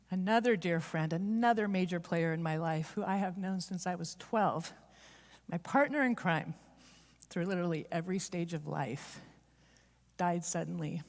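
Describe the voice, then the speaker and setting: A woman giving a heartfelt, confessional storytelling sermon at church, speeding up and slowing down for emphasis. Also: on the low side, a little mellow. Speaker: church speaker. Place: church sanctuary. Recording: long reverb of a large hall.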